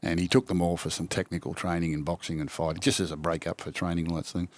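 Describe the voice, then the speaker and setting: An older Australian man, a former rugby league coach, spins yarns in casual chat, acting out quotes and restarting often. His deep voice moves little in pitch and he talks at a quick pace.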